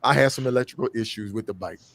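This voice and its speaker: A man's voice: on the low side, very fast, dry recording. A man, an endurance motorcycle rider, talking earnestly in a casual podcast conversation and repeating phrases for emphasis.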